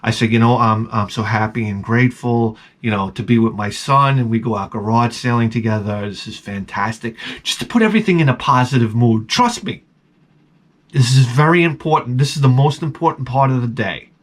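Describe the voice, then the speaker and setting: A middle-aged man hosting a video, telling a casual, rambling story to camera with jokes and sudden excited jumps in his voice. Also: medium pitch, brisk. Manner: rambling and jokey, voice jumping up when excited. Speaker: video host.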